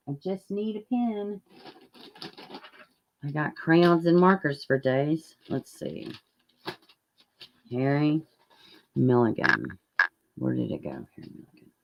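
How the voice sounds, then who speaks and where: Low-voiced chatty woman live streamer. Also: a little hiss or hum. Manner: rambling, chatty, laughs often, greets chat; occasional mic dropouts. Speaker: true-crime live streamer. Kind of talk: casual live-stream chat.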